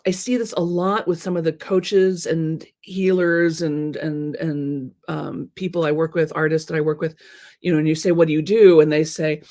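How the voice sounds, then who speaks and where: A woman's voice: low-pitched, fairly even intonation, normal speed, warm tone. A woman coach giving a live talk to her audience, playful and teasing, often checking in with "right?" and acting out people in mock voices. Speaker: creativity and marketing coach.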